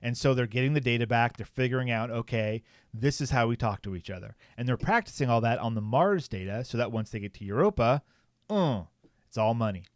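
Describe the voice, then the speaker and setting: A man's voice: medium pitch, quick pace, few pauses, no room sound, clean studio sound. A man co-hosting a podcast, casually reading a news article aloud, with frequent fillers and joking asides. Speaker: podcast co-host.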